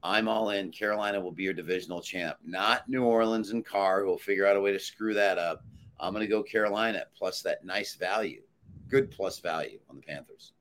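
A man's voice: sits low, a little fast, a bit bright, a little hiss or hum. A man handicapper in casual sports talk, confidently and emphatically giving his betting picks.

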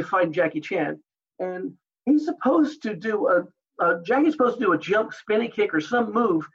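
A man, a martial artist and actor, telling animated anecdotes in an interview and acting out other people's lines. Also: sits high, breathy edge, muffled recording. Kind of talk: storytelling interview.

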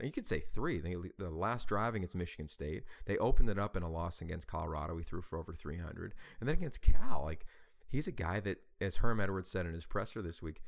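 A man co-hosting a college football talk show, speaking in an energetic, animated way. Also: low-pitched, gravelly. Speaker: college football show co-host, play-by-play announcer. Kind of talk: casual sports talk.

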